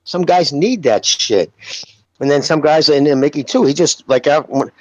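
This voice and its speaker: A man co-hosting a podcast, telling boxing stories in a blunt, profane, animated way. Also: a little high, moderate pace, dry recording, muffled recording. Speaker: podcast co-host, former fighter. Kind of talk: casual podcast chat.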